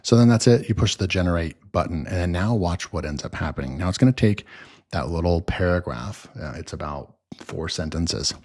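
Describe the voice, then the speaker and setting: A man with a notably low, deep voice talks viewers through a software tutorial. He rambles loosely and is full of fillers and restarts as he clicks through the screens. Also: expressive, brisk, breathy edge. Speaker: software reviewer. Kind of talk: casual screen-recording tutorial.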